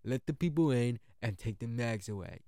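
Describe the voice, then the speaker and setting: A man doing a comedic impression of a brash, combative older male politician, loud and emphatic. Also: medium pitch, lively intonation, dry recording, natural voice. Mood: angry. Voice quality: exaggerated, deliberately nasty-sounding impression. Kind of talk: comedic impression within a narrated history talk.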